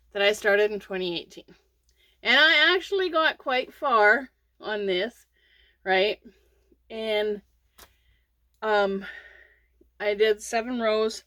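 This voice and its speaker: Sleepy and yawning, a middle-aged crochet vlogger rambles through a casual chat, full of fillers and false starts. Her mid-range voice is a bit bright, recorded dry.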